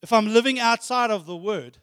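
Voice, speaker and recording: A man preaches emphatically, repeating phrases and asking rhetorical questions. His voice sits very high and close to the mic, while a long hall reverb rings out around each phrase. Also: fairly quick, a bit bright, clean tone. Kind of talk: sermon.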